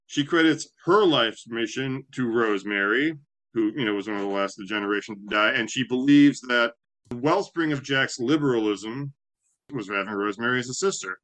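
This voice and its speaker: A man's voice: medium pitch, fairly quick, fairly bright tone, low-quality recording. A man in a casual panel discussion, making dry, wry asides. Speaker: podcast panelist.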